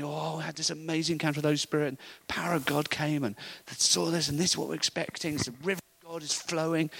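A middle-aged man telling an animated story in a sermon, acting out the voices of the people in it. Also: on the high side, creaky, breathy edge, low-quality recording. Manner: animated storytelling, acts out voices, laughs often. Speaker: preacher. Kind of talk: sermon anecdote.

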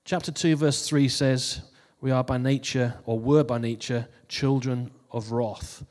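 A man's voice: medium pitch, fairly even intonation, unhurried, darkish tone, long reverb tail. A man giving a casual New Year sermon who reads out funny posts and laughs at his own jokes before turning to scripture. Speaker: preacher.

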